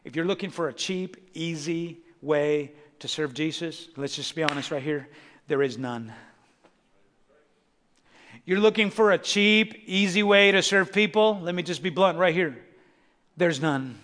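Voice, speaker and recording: A man preaching a sermon, swinging between raised, fervent delivery and hushed, intimate asides to the congregation. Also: fairly high pitch, a little slow. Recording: long hall reverb.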